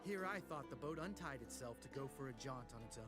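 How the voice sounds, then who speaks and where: A man's voice: mid-range voice, lively intonation, brisk, close to an everyday voice. An actor playing a sardonic male companion in a video game, talking in a wry, sarcastic way. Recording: game audio under loud music.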